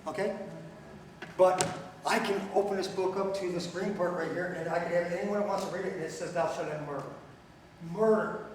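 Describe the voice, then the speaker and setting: A middle-aged man with a high-pitched voice and fairly even intonation speaks a little fast to an audience in a lecture hall. Blunt and joking, he tells stories and asks the crowd questions, recorded far off in a very echoey hall with slight background noise.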